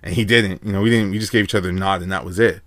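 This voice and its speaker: A man with a lowish voice tells a personal story in a loose, rambling way, leaning on filler words as he goes. The sound is dry and close, with no room echo. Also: fairly even intonation, racing, a bit bright. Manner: rambling, laid-back, heavy on filler words. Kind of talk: casual storytelling.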